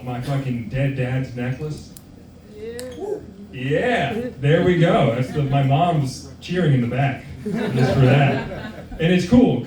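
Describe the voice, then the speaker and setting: Recorded from afar in a comedy club, a young man with a medium-pitched voice does stand-up. He's casual and self-deprecating and swears a lot, and the roomy sound carries room noise.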